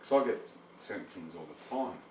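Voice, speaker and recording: A man's voice: low voice, expressive, normal speed, noisy background. An Australian man co-hosting a casual chat over beers, laid-back and swearing freely. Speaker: podcast co-host. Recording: roomy, distant, dull home recording.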